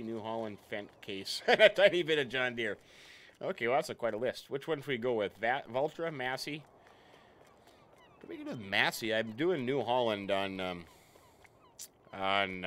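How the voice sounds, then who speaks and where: A man's voice: medium pitch, fairly bright tone. A man hosting a casual let's-play stream, chatting and greeting viewers by name. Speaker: game streamer.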